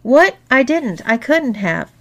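A woman's voice: a little high, animated, unhurried, fairly bright tone, pitched above the performer's own voice. A woman voicing a drugged young man who pleads and protests in a strained, raised voice. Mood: panicked.

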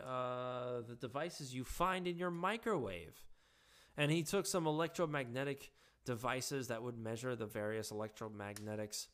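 A man giving a halting, casual monologue with frequent restarts, his voice hoarse and giving out. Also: on the high side, a bit bright.

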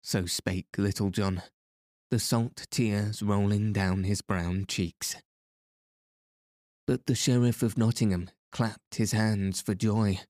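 A man reading a storybook aloud as narrator, in a measured, even way, close to the mic. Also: lowish voice, no echo. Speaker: audiobook narrator.

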